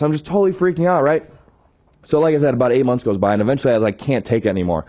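A man sharing a personal story in a sermon, animated and self-deprecating, often tagging his sentences with questions. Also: medium pitch, very fast, lo-fi sound. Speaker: church staff member sharing a testimony.

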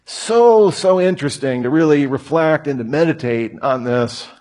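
A man's voice: a little high, moderate pace, darkish tone. A man in his thirties preaching a conversational sermon, telling stories with humor. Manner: casual, storytelling with humor.

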